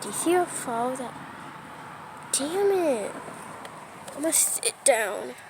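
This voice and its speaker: A woman's voice: on the high side, expressive, moderate pace, creaky, noisy background. A young woman chatting casually to her camera indoors by a window, apologetic and often dropping to a whisper. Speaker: vlogger. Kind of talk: casual vlog narration. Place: indoors by a window during a storm. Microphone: phone or tablet camera.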